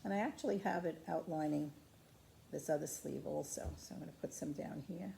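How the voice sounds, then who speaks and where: Low gravelly woman teaching ceramic painting. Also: a little fast, a little hiss or hum. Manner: calm, patient, chatty instruction. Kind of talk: step-by-step craft demonstration. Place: craft studio.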